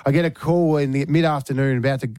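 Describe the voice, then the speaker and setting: A man with an Australian accent, a radio host telling a lively footy story and acting out the quotes as he goes. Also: medium pitch, fast, clean tone, no room sound, clean studio sound. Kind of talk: radio show banter and storytelling.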